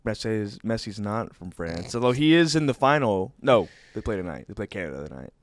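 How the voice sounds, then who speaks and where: A young man cohosts a casual sports talk show with a fairly low voice. He speaks in an easygoing, offhand way. The sound is dry and close, with no room around it. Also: big pitch swings, brisk, no room sound. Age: young adult.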